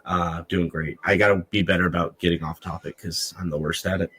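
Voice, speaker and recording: A man's voice: low voice, steady tone, a little fast, fairly bright tone. A man co-hosting a podcast over a video call, rambling and teasing. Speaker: podcast co-host. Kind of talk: casual podcast chat.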